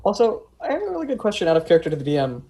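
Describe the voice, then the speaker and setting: A tabletop game player talking in a rushed way, restarting sentences. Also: mid-range voice, huge pitch swings, mellow.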